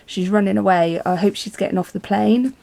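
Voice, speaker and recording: A woman's voice: mid-range voice, brisk, vocal fry, warm tone, close to an everyday voice. A woman voicing a rude, taunting female airline passenger who speaks in blunt, broken English.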